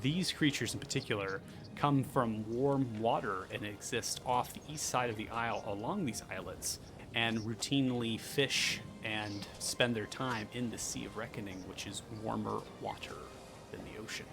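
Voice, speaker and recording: A man's voice: lowish voice, moderate pace, music in the background. A man narrating and explaining rules as game master in a tabletop game, hesitant and correcting himself as he goes. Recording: noisy background.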